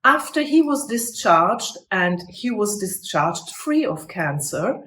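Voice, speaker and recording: A woman's voice: medium pitch, very animated, takes it slowly, fairly bright tone, reverberant, a little hiss or hum. A woman in her fifties working as a life coach, telling a personal story to camera in an earnest, heartfelt way. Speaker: life coach and motivational speaker.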